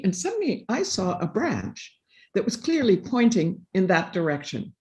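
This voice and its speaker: A woman's voice: medium pitch, very animated, moderate pace, darkish tone. Earnest woman telling a personal story. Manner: earnest, reflective, acts out quoted dialogue. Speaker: panel speaker. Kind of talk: personal storytelling in a live session.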